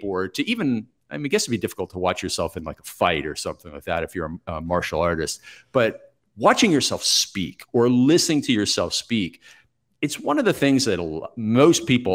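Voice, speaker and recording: A man in his forties, a podcast guest telling stories from his life in a reflective, steady, plain-spoken way. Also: lowish voice. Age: 40s. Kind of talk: conversational interview storytelling.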